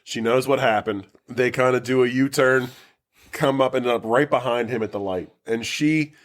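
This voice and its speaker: Male podcast co-host, mid pitch; chatty, animated film recap with plenty of swearing. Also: normal speed. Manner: animated, profane, laughs a lot, acts out characters. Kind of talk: casual movie-review chat.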